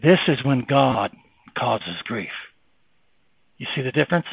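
A male preacher giving a sermon, reading scripture aloud and moving between hushed, low passages and raised, fervent preaching. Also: big pitch swings, unhurried, creaky, breathy edge, dry recording, phone-quality sound.

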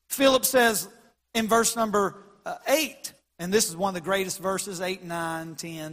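Male pastor with a high voice, delivering an animated sermon with a long hall reverb behind him. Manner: animated preaching, swells loud on quoted scripture.

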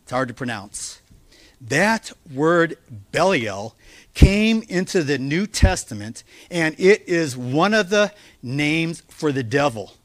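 A male pastor preaching a sermon, earnest and emphatic, slowing down to stress key words. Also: fairly high pitch, sing-song, fairly bright tone, no echo. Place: church.

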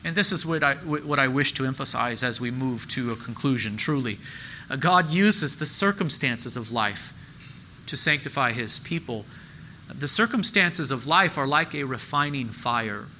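A man's voice: medium pitch, animated, normal speed, sharp tone, a little hiss or hum, poor audio. A man preaching a sermon as pastor, earnest and emphatic, repeating key phrases and lifting his voice on questions.

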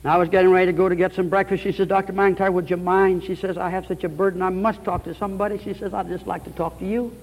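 A man's voice: high voice, flat delivery, fast, few pauses, big-room sound, lo-fi sound. A man preaching a radio sermon, telling a conversion story and quoting the people in it, building to fervent peaks. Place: church or hall with pulpit.

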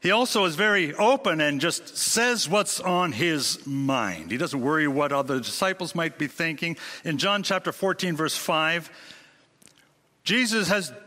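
A man preaching a sermon, speaking emphatically with dramatic swings in pitch and rhetorical questions to his congregation. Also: expressive, unhurried, bright, forceful tone. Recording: long hall reverb.

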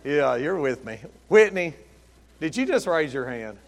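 A middle-aged man preaching a sermon as pastor, folksy and storytelling, rising to loud emphatic peaks. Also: a little high, sing-song, measured pace, creaky, long reverb tail. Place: church sanctuary.

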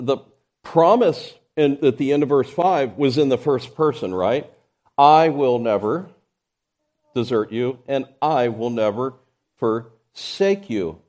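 A man's voice: fairly high pitch, a little mellow. A man preaching a sermon to his congregation, building emphasis through his points and often restarting mid-phrase. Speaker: pastor.

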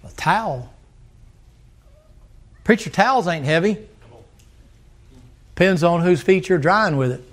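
A high-voiced male preacher delivers a folksy sermon. He slips into character voices and builds to loud, emphatic peaks. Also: lively intonation, a little slow, pauses often. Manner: folksy, rising to emphatic shouts, acts out voices.

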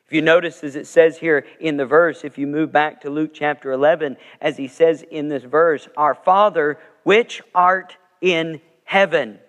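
A man's voice: a little high, little pitch movement, normal speed, hardly any pauses. A man preaching a sermon as pastor, telling stories earnestly and swelling with emphasis. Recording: long reverb of a large sanctuary.

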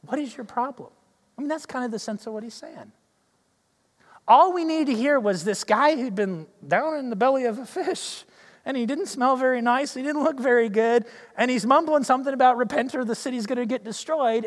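A male pastor preaching a sermon, telling the story in a lively way and acting out the characters' lines. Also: very high voice, a little fast, in a large hall.

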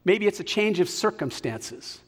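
A man preaching a sermon, emphatic and slowing down on key words, in a large hall. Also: high-pitched, sing-song. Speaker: pastor.

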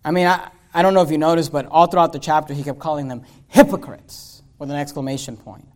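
A pastor preaching a sermon, swinging from loud emphatic lines to quiet asides and reading scripture in slow, drawn-out phrasing. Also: male voice, fairly high pitch, steady tone.

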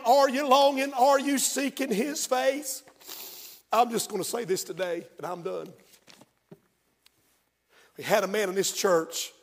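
A man preaching a sermon as pastor, moving from hushed storytelling to shouted, fervent praise. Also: extremely high pitch. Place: church sanctuary. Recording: long hall reverb of a church.

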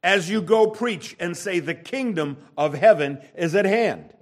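Emphatic male preacher with a lively pitch. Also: unhurried. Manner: emphatic preaching with wide swings in pitch and loudness; rhetorical questions to the congregation. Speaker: pastor. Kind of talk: sermon.

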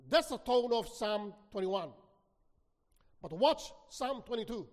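A man preaching a sermon, reading scripture dramatically, with sudden swings between near-hushed lines and shouted ones. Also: extremely high pitch, animated, unhurried. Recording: long hall reverb.

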